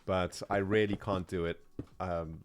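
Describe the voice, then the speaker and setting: A man's voice: low-pitched, steady tone, unhurried. A man chatting casually on his livestream, self-mocking and chatty, with plenty of fillers. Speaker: streamer.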